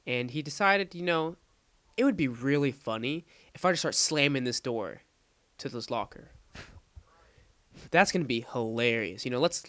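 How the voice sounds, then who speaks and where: A man's voice: medium pitch, dry recording. A young man in his late teens casually telling a rambling, crude story over gameplay footage. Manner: rambling, crude, animated retelling. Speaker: gaming commentator.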